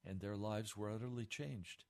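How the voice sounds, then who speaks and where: A man's voice: on the low side, steady tone, moderate pace. A man preaching a sermon as pastor, earnest and blunt.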